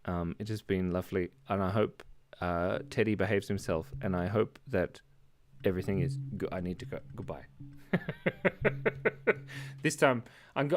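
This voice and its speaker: With a lowish voice, a man hosts a live drawing stream, chatting casually and playfully while he sketches. He rambles, jokes with the chat and laughs often.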